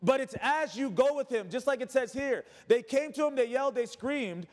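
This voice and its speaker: A male pastor with a notably high voice delivers a sermon, reading scripture before pressing his point with emphatic repeated phrases and casual asides. His voice carries a long reverb from a large hall. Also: animated, moderate pace. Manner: preaching with emphatic repetition, colloquial asides.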